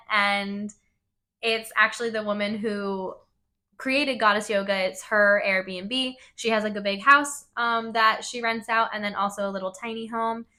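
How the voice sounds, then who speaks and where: Woman, bright tone, podcast host, casual personal storytelling, swears, filler-heavy. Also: mid-range voice. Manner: open and emotional in the telling.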